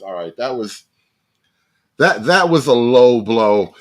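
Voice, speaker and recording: A man's voice: mid-range voice, lively intonation, slow. A man reacting live to a video for his stream, cracking profane, mocking jokes as he riffs.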